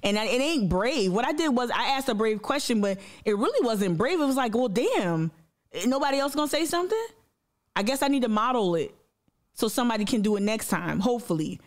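Reading viewer comments aloud and addressing her audience head-on, this woman hosts a livestream at a slightly quick pace. Her fairly high voice has lively intonation as she delivers a blunt, passionate rant full of swearing and repeated phrases.

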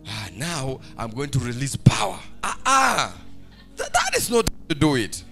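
A man preaching a fervent church sermon, swinging between shouted, sing-song lines and hushed, quiet ones. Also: medium pitch, wildly swooping pitch, a little slow, soft background music. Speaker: pastor. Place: church service.

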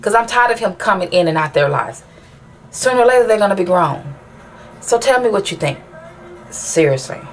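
A woman's voice: mid-range voice, lively intonation, normal speed, long pauses. A mother venting in a personal vlog, rambling and frustrated, with many restarts as she asks viewers for advice.

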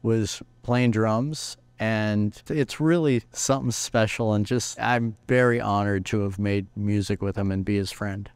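A male guest guitarist telling anecdotes in a lively way, briefly acting out what other people said. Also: on the low side, measured pace, hardly any pauses, smooth, no room sound. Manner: acts out other people's lines while telling stories. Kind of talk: animated anecdotal storytelling.

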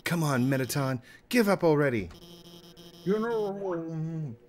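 Name: Alphys, voiced by a man. Type: nerdy female lizard scientist. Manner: stammering, flustered. Pitch: raised high. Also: lively intonation, slow pace, slight background noise.

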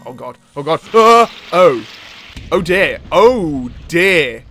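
A young man giving live gameplay commentary, excitable and yelping and laughing as things go wrong. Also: a little high, slow pace, faint music behind. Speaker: gaming channel host.

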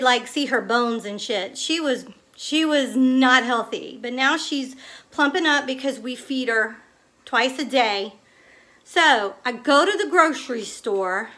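A middle-aged woman tells a story to the camera in a chatty, excitable vlog, swearing casually and calling her viewers y'all. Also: high voice. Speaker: vlogger.

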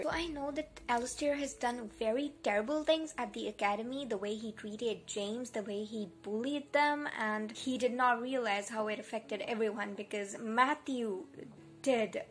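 A young woman in a reading vlog, reading quotes aloud and reacting with animated, gushing enthusiasm. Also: on the high side, moderate pace. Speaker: book vlogger. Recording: soft music bed behind the voice.

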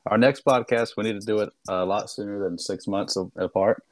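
A man's voice: on the low side, fairly even intonation, a little fast, no room sound. A man co-hosting a casual podcast, laid-back and laughing along with his partner. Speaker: podcast co-host.

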